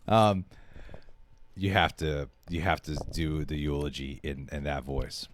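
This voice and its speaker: A man's voice: rumbling low, fairly even intonation, slow pace, a little hiss or hum. A man co-hosting a live stream, laid-back and teasing, laughing often. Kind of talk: casual live-stream chat.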